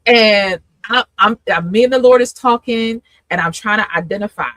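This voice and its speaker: A woman's voice: medium pitch, moderate pace, fairly bright tone, no room sound, poor audio. A woman hosting a live talk, telling her story with feeling, laughing often and acting out her past self. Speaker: host and coach. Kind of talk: candid testimony in a live conversation.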